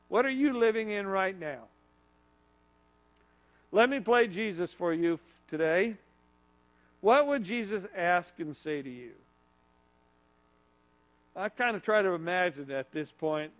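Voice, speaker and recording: An earnest preacher with a high voice for a man delivers a sermon. He leads his listeners in repeating lines together and drops to a soft, low voice to make a point. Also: lively intonation, a little slow, long pauses, low-quality recording. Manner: leads the congregation in call-and-repeat phrases.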